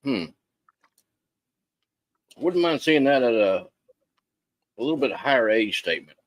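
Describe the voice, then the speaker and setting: A man's voice: mid-range voice, expressive, measured pace, no room sound. A man co-hosting a casual livestream, laid-back, giving short tasting remarks and dry quips. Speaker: co-host tasting whiskey.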